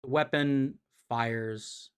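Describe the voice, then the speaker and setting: A man's voice: medium pitch, steady tone, drawn-out words, smooth. A man on a live stream giving a rambling, profane, casual recap of a comic series. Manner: rambling, profane and chatty, with many fillers. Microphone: streaming mic.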